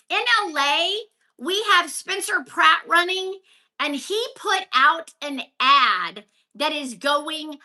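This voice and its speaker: Brief: woman, live-stream host, high and sharply bright voice, unhurried, chatty rants to her viewers. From Texas. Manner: ranting, chatty, answers viewer comments by name. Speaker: livestream host. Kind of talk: casual live-stream chat. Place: home, at a counter. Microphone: phone held vertically.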